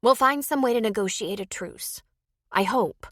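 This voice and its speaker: A woman's voice: on the high side, moderate pace, a bit bright, no room sound, clean studio sound, pitched above the performer's own voice. A woman reading a blunt, practical woman friend who talks frankly and pushes her friend to act. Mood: urging.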